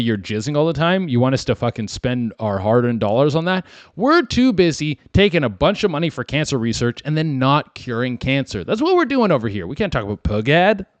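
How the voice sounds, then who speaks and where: A man's voice: mid-range voice, no echo, lo-fi sound. A man hosting a comedy podcast, riffing crudely and rambling through stories and listener write-ins. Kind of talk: solo comedic commentary.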